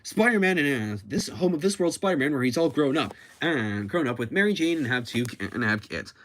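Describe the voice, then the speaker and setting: A man's voice: mid-range voice, lively intonation, brisk, a bit bright. A man hosting a YouTube channel, recapping a story in a rambling, self-correcting way. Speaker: YouTube host.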